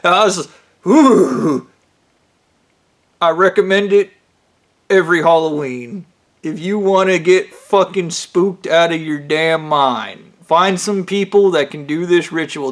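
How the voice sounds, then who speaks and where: Excitable, profane man with a slightly high voice. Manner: profane, excitable, breaks into loud yells. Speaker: vlogger. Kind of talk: casual storytelling.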